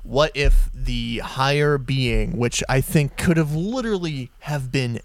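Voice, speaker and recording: A man co-hosting a podcast in casual chat, jokey and quick to laugh. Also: medium pitch. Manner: laughing, jokey, tries bad impressions. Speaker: podcast co-host.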